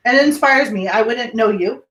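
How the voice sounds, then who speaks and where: A woman comedian guest in casual chat, chatty and quick to jump in. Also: fairly high pitch, a bit bright, far from the mic, slight background noise. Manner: chatty, interjecting. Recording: echoey room, away from the mic.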